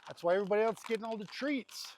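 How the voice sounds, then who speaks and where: A man's voice: high-pitched, racing, slight background noise. Chatty man coaxing cattle outdoors. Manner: rambling and chatty, coaxing the animals softly. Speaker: homestead vlogger. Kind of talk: casual narration to camera while feeding cattle. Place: outdoors at a cattle pen on a farm. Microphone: handheld or nearby camera mic.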